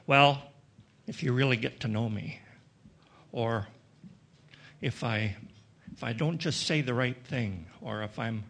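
A man from Western Canada, middle-aged or older, shares his own story with a gathered audience. His pitch sits squarely in the ordinary male range, and he speaks in a reflective, halting manner. He often restarts his sentences and slips in some dry humor. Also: vocal fry, a bit bright. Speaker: recovery meeting speaker.

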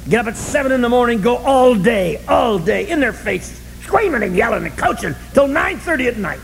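An older man telling a humorous story at a recovery meeting, animated and self-mocking, swinging from loud bursts to low asides. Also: fairly quick, vocal fry, soft background music, poor audio. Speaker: speaker sharing his story at a recovery meeting.

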